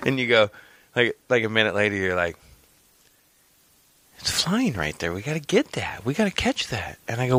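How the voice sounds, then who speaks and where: A man co-hosting a podcast, telling stories in a lively way and swearing freely. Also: lowish voice, moderate pace, pauses often, dry recording. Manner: animated storyteller, swears freely, acts out voices. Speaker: podcast co-host. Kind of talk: casual chat.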